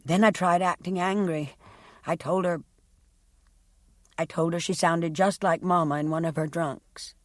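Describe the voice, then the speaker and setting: A woman voicing a young woman testifying about her sister in an audiobook, speaking quietly and haltingly. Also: on the low side, fairly even intonation, no echo, clean studio sound, natural voice. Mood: distressed. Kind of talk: audiobook character reading.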